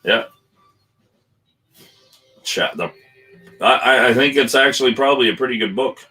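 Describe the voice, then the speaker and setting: A man in casual chat who reads book passages aloud slowly and low, from Canada. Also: bright, forceful tone, husky, soft background music, poor audio. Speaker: guest whisky reviewer.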